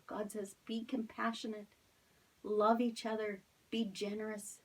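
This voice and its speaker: A middle-aged woman tells a Bible story to children as their Sunday school teacher. She keeps asking the kids questions and sometimes drops to a soft whisper. Her voice is slightly husky and picked up from a little way off the mic. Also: medium pitch, measured pace, recorded from a distance, rough recording.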